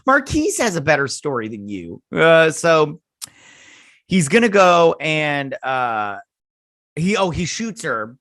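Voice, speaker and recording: A man's voice: a little high, big pitch swings, slow pace, fairly bright tone, no room sound, clean studio sound. A man hosting a casual review of a TV episode, ranting sarcastically and swearing. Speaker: host.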